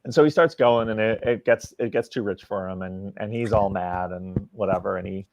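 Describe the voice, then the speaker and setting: As a guest on a podcast interview, a comic book writer tells a casual anecdote in a lowish voice at a moderate pace, acting out the quoted dialogue. The recording has no echo and a dry, dull lo-fi sound.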